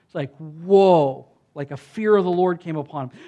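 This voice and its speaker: A man giving a sermon as a pastor. He talks in a loose, conversational way, often saying "like" and "right?", and gets loud and emphatic when he reads scripture aloud. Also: fairly high pitch, moderate pace. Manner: conversational preaching with frequent "like" and "right?".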